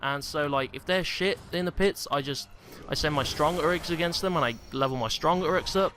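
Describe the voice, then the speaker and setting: A man's voice: fairly high pitch, brisk, fairly bright tone, a little hiss or hum. A young man giving casual gameplay commentary, out of breath, rambling and full of um and like. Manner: rambling, heavy on fillers like um and like. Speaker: gaming YouTuber. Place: small stuffy room at home.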